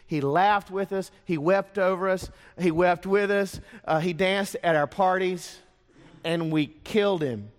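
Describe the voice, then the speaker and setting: A man with a somewhat high voice preaches a sermon in a church sanctuary. He tells stories, piles up rhetorical questions and lets his voice fall to a hush for emphasis. A long reverb from the hall follows each phrase. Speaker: pastor.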